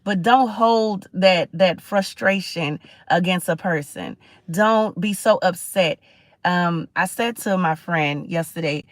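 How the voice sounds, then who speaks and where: The Caribbean-born livestream host speaks slowly at a medium pitch, captured on a dry recording. Through a conversational, preachy motivational talk, they keep checking in with the audience and answering viewer comments.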